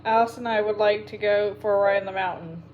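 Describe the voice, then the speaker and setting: A woman voicing a capable, cheerful young female sleuth who speaks in a brisk, practical way. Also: medium pitch, steady tone, lo-fi sound, a little hiss or hum, natural voice.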